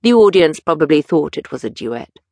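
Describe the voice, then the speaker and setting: A woman voicing a witty, languid aristocratic gentleman with a drawling, teasing manner. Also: sits low, very animated, moderate pace, dry recording. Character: languid witty older aristocrat, mildly mocking.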